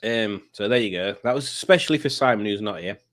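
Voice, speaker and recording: Rambling live stream host. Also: male voice, lowish voice, animated, fast talker, a bit bright. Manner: chatty, rambling, self-mocking. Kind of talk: casual live stream chat.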